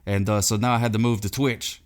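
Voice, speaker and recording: A man, chatting as a podcast guest in a rambling, folksy, deadpan way with deliberately broken grammar. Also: on the low side. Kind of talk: deadpan comedic chat.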